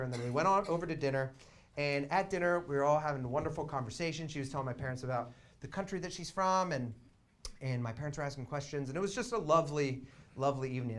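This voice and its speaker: A young man doing stand-up storytelling in a small theater, swinging between quiet asides and loud excited bursts. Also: on the high side. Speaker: comedian.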